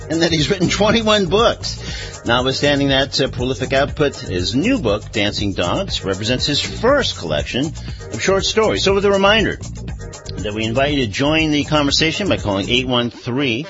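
Brief: male radio host, animated intonation, slightly muffled broadcast sound, faint music underneath. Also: mid-range voice. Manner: conversational, with frequent "uh" pauses. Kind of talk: radio news and chat.

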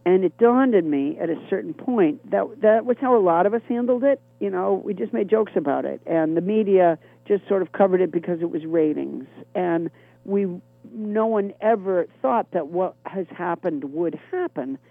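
A middle-aged woman with a low, gravelly, rough-edged voice, talking over a thin, tinny phone line. She rambles wryly through her stories with self-deprecating asides, and her voice carries a lingering chronic cough. The line sounds dry and boxed in. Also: lively intonation, moderate pace, no echo. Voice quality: deep gravelly voice. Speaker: comedian guest. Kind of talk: phone interview chat.

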